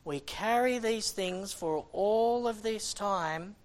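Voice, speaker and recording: A man preaching a sermon as a missionary, impassioned, swinging between loud exhortation and quiet, sighing asides. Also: high-pitched, slow pace.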